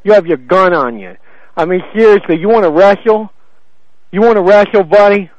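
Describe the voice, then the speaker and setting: A man's voice: high voice, expressive, normal speed, darkish tone. A man making a prank phone call, taunting and swearing in a blustering way over a muffled phone line. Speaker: prank caller.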